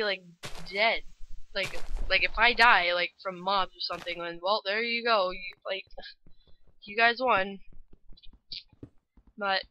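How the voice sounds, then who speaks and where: A woman's voice: medium pitch, no echo, highs cut off. A woman giving rambling, frustrated let's-play commentary, full of "like" and "holy cow". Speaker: gamer.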